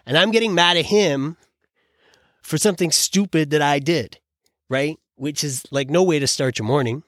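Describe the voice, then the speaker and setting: A man's voice: fairly high pitch, moderate pace, no echo, clean studio sound. A man hosting a podcast, ranting casually in an opinionated, exasperated way, rambling with lots of restarts and fillers. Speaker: podcast host.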